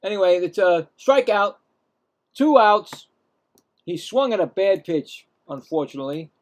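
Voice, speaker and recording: A man with a Brooklyn accent hosting a casual live play-by-play stream, chatting and rambling between pitches. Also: animated, normal speed, highs cut off. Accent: Brooklyn New York.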